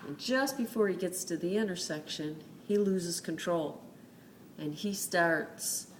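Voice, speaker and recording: A woman's voice: low voice, a bit bright, slight background noise. A woman telling a personal faith story in an earnest, conversational way, with many fillers. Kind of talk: casual spoken testimony.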